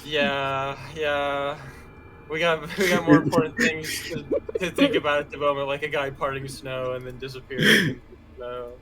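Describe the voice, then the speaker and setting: A man's voice: a little high, flat delivery, moderate pace, a loud crowd, low-quality recording. A man playing a tabletop game, talking in a laid-back, casual way. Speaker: player.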